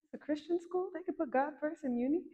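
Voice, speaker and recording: A woman's voice: high voice, fast talker, dark tone, muffled recording. A woman hosting an interview, asking questions in a teasing way and laughing often. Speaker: podcast host. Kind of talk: casual interview chat. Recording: echoey room with long reverb.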